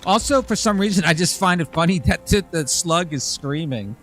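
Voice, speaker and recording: A man's voice: fairly high pitch, animated, normal speed, a bit bright, soft background music. A man streaming a game as a VTuber, talking in a rambling, casual way and swearing freely. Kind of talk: casual gaming livestream chat.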